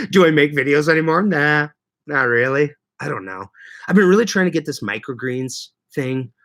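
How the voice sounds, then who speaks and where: Bright-voiced Canadian man chatting live. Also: medium pitch. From Canada (Manitoba). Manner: chatty, greets viewers loudly, quick laughs. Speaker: livestream host reading chat. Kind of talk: casual livestream chat.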